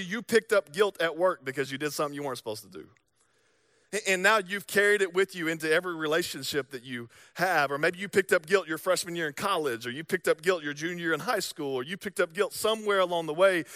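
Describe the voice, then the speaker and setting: Bright, high-voiced preacher. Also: male voice, a little fast, dry recording, studio quality. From American South. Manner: storytelling, acts out voices, swings from loud to hushed. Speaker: pastor. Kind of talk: sermon.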